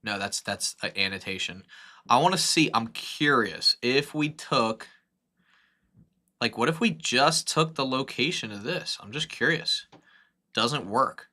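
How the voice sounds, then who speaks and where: A young man streaming a live software tutorial, thinking aloud in an excitable, rambling way with many fillers and self-corrections. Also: medium pitch, a little slow. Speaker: streamer teaching 3D modeling.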